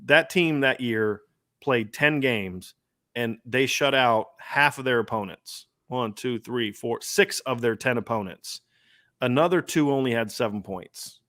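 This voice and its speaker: A man's voice: medium pitch, a little slow, a bit bright. A man hosting a sports podcast, talking in an emphatic, rambling way with many restarts. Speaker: podcast host. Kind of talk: casual sports talk.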